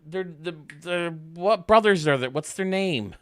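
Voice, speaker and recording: A man's voice: sits high, expressive, unhurried, clear, resonant tone, dry recording. A man streaming a baseball game, rambling and joking casually with his chat. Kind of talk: casual chat while playing.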